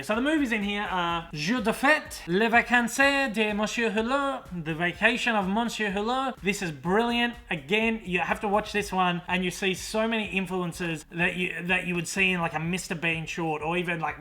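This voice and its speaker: A man's voice: sits high, normal speed, few pauses, sharp tone. A young adult man with an Australian accent, chatting casually and enthusiastically as a vlogger showing off his collection. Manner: enthusiastic, gushing, self-deprecating. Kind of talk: casual chat.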